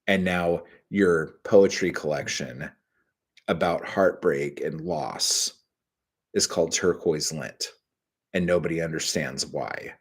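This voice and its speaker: A middle-aged man hosting his own livestream, chatting casually, rambling and swearing with sudden bursts of excitement. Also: deep voice, slightly rough. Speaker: channel host.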